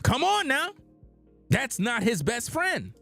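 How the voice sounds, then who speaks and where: A man's voice: extremely high pitch, wildly swooping pitch, takes it slowly, gravelly, bright, forceful tone, soft background music. A man hosting a heated commentary monologue, insistent and repetitive with preacher-like emphasis. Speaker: commentary channel host.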